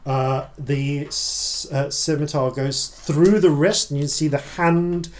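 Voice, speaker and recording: A man narrating a tabletop game as dungeon master, halting often with fillers and restarts. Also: fairly high pitch, fairly even intonation, a little mellow, a little hiss or hum.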